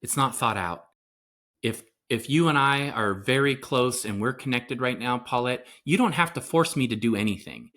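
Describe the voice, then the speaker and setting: A man's voice: medium pitch, moderate pace, fairly bright tone. Middle-aged male therapist guest, earnest and explanatory, acts out quoted dialogue, conversational podcast. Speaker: parenting coach and psychotherapist guest.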